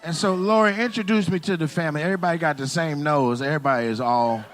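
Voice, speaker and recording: A man's voice: on the high side, quick pace, slight background noise. A man doing stand-up crowd work in a comedy club, teasing the audience in a loose, profane way.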